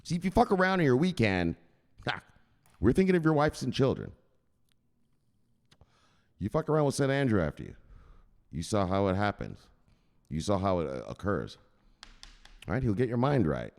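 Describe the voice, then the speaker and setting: A man's voice: on the low side, wildly swooping pitch, moderate pace, pauses often, darkish tone, long reverb tail. A man hosting a crypto news channel, rambling and joking with plenty of swearing. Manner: profane, rambling, jokey. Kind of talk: casual joking monologue.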